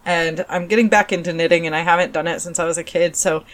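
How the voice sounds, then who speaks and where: A woman's voice: fairly low pitch, steady tone, fast talker. A woman in her thirties co-hosting a podcast, chatty and self-deprecating as she tells a story. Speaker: podcast co-host. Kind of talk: casual podcast chat.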